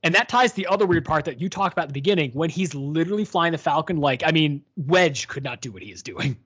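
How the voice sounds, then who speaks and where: A man's voice: on the high side, animated, quick pace, a bit bright, breathy edge. A man co-hosting a podcast, retelling a book's plot in a rambling, filler-heavy chat. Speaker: podcast co-host. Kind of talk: casual book discussion.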